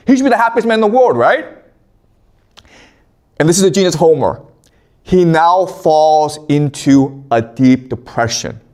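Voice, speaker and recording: A male history lecturer giving a classroom lecture, retelling a myth in an animated storytelling style with casual slang and frequent check-ins. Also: on the high side.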